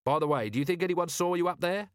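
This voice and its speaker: A man's voice: sits high, fast, clear, resonant tone, dry recording, pitched above the performer's own voice, close to an everyday voice. A man doing a weary middle-aged watch commander who talks in a dry, sardonic, level way. He sounds like he has seen it all. The recording is close and completely dry. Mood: wry. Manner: dry, sardonic, even-toned.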